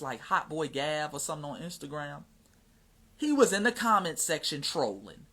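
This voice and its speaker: An American man hosts a casual livestream, and his voice comes through slightly husky. He talks in an emphatic, slang-heavy way and keeps checking in with his listeners as he makes his points. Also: sits high, fairly bright tone. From United States. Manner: emphatic and slangy, often asks "you see what I'm saying". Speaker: livestream host. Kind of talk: casual livestream talk answering questions.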